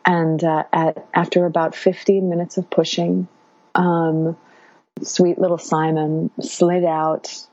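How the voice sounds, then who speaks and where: Guest woman, 30s, low husky voice, rambling storyteller with lots of ums, dull lo-fi recording. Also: flat delivery, slow pace, no room sound. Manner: warm, meandering, many fillers. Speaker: guest sharing birth story. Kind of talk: casual interview storytelling. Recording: dull lo-fi sound.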